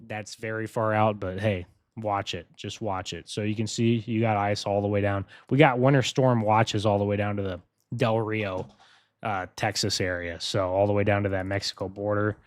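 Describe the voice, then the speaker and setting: A man hosting a live weather briefing, talking casually and excitedly to his viewers. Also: on the low side, normal speed, no echo, clean studio sound. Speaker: weather streamer.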